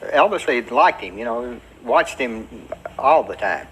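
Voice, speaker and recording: An older man tells a folksy anecdote in a documentary interview, quoting others as he goes. His voice sits at a middle pitch, with a faint hiss behind it. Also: animated, unhurried, rough recording. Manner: folksy anecdote with quoted lines.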